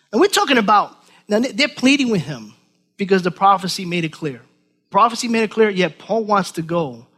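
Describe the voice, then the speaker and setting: A man preaching a sermon, dramatizing the apostle's words and swinging between loud emphasis and quiet asides. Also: high-pitched, slightly rough. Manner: animated, dramatizing scripture with acted voices.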